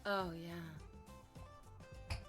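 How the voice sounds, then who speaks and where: Bright-voiced chatty woman streamer. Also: fairly low pitch, steady tone, very slow, soft background music. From Canada. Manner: chatty storytelling, playful exaggerated quoted voices. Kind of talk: casual chat to stream viewers.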